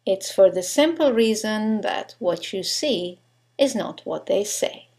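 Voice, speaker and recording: A woman's voice: medium pitch, expressive, a little mellow. A woman giving a scripted English pronunciation lesson, stressing each example word with care. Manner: slow, deliberate, stresses example words. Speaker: English teacher.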